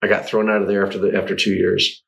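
A man's voice: sits low, level tone, fast, creaky, a bit bright, low-quality recording. A middle-aged man, a guest artist, telling long anecdotes in a casual interview, swearing and laughing often.

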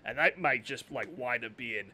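A man co-hosting a casual tabletop gaming podcast, playful and excitable, reading out game rules. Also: mid-range voice, normal speed. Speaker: podcast co-host.

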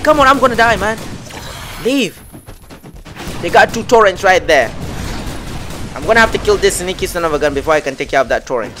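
A man streaming gameplay, reacting loudly and talking to himself as he plays. His voice sits fairly high and sounds bright, with a faint hiss behind it. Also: brisk, long pauses. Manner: excitable, lots of exclamations and self-talk. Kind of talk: live gameplay commentary.

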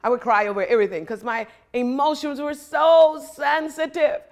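Emphatic woman preacher, higher voice. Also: flat delivery, moderate pace. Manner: emphatic, rhythmic preaching with repeated phrases. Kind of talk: motivational sermon.

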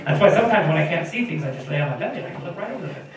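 A man's voice: on the high side, rapid-fire, a crowd in the background. A man preaching a sermon to his congregation, telling stories with jokes along the way. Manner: animated, joking storytelling. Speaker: pastor. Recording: echoey room from far off with audience.

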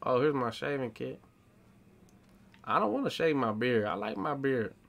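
A young man streaming a game, chatting in loose slang and answering the characters on screen. His voice is bright and forward at a middle pitch. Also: expressive, moderate pace, vocal fry. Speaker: gaming streamer. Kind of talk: casual gaming commentary.

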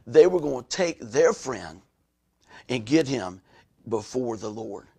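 A man's voice: mid-range voice, sing-song, slow, darkish tone, husky. A male pastor, preaching a conversational sermon with frequent asides to his listeners.

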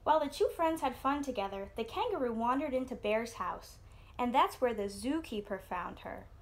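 A woman teacher reading a children's storybook aloud in an expressive, animated way for an online class. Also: normal speed. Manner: expressive, voices characters with lifted pitch.

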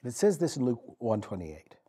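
A man preaching a sermon as pastor, telling the story with dramatic pauses and repetition. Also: mid-range voice, very animated, warm tone, breathy edge. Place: church.

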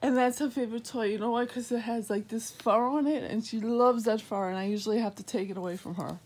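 A young woman vlogging an unboxing at home, just woken up and yawning, cooing at her dog in high baby talk between sleepy asides. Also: fast, a little mellow, husky. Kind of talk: casual unboxing vlog.

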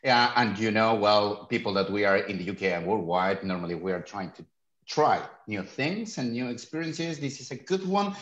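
A man hosts a live online show, reading out names from the chat in loose, halting sentences packed with fillers. His voice comes over a video call, roomy and echoing. The sound is dull and lo-fi. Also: fairly low pitch, lively intonation, a bit bright. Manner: loose, halting phrasing with many fillers like well and uh. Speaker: show host.

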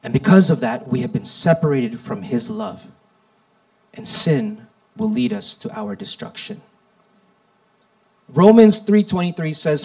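A man preaching a sermon, reading scripture with slow, deliberate delivery and dramatic rises and drops. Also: a little high, expressive, gravelly, a little mellow, poor audio.

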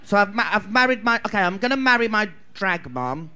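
A man's voice: sits high, expressive, brisk, pushed and bright, clear, resonant tone. A man in his thirties with an English Midlands accent, a drag queen chatting bawdily and rambling as he answers audience questions at a live viewing party. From England. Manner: bawdy, rambling, laughing often.

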